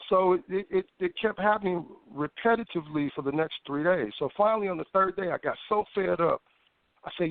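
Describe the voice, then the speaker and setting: A man, a guest on a phone interview, telling a personal story in a lively way, with stammered restarts and acted-out thoughts. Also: sits high, a little fast, no echo. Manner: animated, stammering restarts, acts out his own past thoughts. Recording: tinny phone line, dry.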